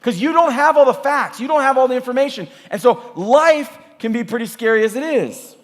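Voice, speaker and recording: A youth pastor in his thirties gives a camp sermon in a casual, chatty way, peppering his talk with "like." His voice sits high for a man. It rings out with a long reverb from a large hall. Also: brisk. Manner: casual, animated storytelling with many "like"s. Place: large church hall or auditorium.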